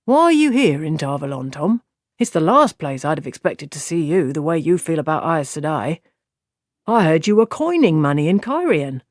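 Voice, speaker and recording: A man's voice: fairly high pitch, big pitch swings, normal speed, no echo, studio quality. A man voicing a brash young man in an audiobook, blunt and casual. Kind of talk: audiobook character voice.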